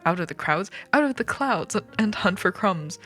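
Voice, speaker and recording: A woman's voice: mid-range voice, animated, normal speed, fairly bright tone, faint music behind, lightly acted. A woman reading aloud, voicing a stern father mouse who barks orders. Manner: barking orders.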